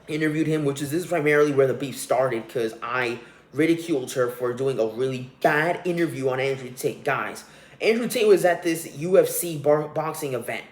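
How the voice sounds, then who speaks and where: A young man hosting a solo podcast, ranting with profanity and scorn. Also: a little high. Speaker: podcast host. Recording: roomy echo.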